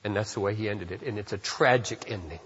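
A man preaching a sermon as pastor, moving from hushed, slow reflection to loud, emphatic passages. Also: lowish voice, breathy edge. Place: church sanctuary. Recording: dull reverberant church hall.

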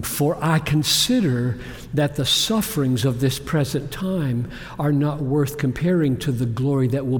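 A man preaching a sermon, swinging between loud exclamations and hushed whispers. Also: mid-range voice. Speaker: pastor. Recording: long hall reverb.

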